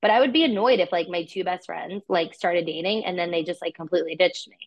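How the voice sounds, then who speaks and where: A woman's voice: on the low side, fast. A woman co-hosting a podcast, chatting casually and playfully with plenty of fillers. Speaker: podcast co-host. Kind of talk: casual chat.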